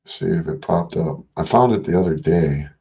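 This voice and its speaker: A man's voice: deep voice, normal speed, vocal fry, warm tone. An older man hosting a livestream, rambling casually and profanely while reading and answering chat messages. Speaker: livestream host.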